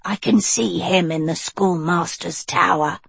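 A woman voicing a sharp, worried young witch who talks in a pressing, curt way, a little lower than her narrating voice and set back from the mic. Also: fairly even intonation, unhurried, creaky, slightly rough, no echo, full character voice. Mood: urging.

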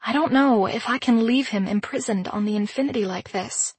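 A woman narrating a first-person audiobook in a measured, introspective way. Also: on the high side, a little mellow, husky, no room sound.

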